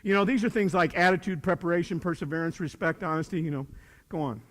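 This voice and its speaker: A middle-aged teacher with a high voice gives a fast, folksy, animated motivational talk to students, doing little voices for the dialogue he acts out. His words echo with the long reverb of a large hall.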